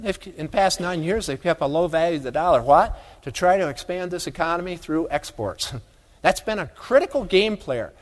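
Animated folksy man speaking in a hall. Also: high-pitched. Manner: folksy, animated storytelling with audience asides. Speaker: agricultural economics speaker. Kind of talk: humorous keynote talk to a live audience. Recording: long hall reverb.

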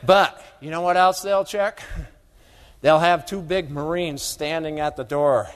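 Animated folksy man speaking in a hall. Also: a little high, measured pace. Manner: folksy, animated storytelling with audience asides. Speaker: agricultural economics speaker. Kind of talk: humorous keynote talk to a live audience. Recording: long hall reverb.

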